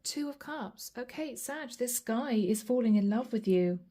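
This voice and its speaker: Mellow-voiced woman doing a chatty tarot reading. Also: a little high, animated, measured pace. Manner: chatty, addresses viewer directly, names cards as she draws. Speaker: tarot reader.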